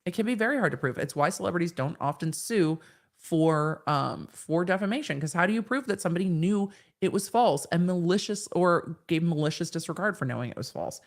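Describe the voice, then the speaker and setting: A woman with a slightly low voice hosts a casual live stream. She reads viewers' comments aloud and answers each one in a chatty, frank way. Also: expressive, brisk. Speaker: host answering live chat questions.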